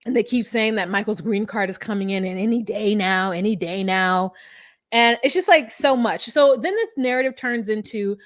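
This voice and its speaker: A woman co-hosting a casual chat, recapping reality TV in an animated, profane way. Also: medium pitch, moderate pace. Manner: animated, profane, mimics people in quotes. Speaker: podcast co-host recapping reality TV.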